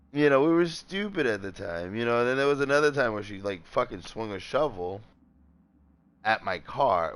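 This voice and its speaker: Man telling a rambling profane story. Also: mid-range voice. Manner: animated, voices quoted people. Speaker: gaming streamer. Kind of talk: casual storytelling.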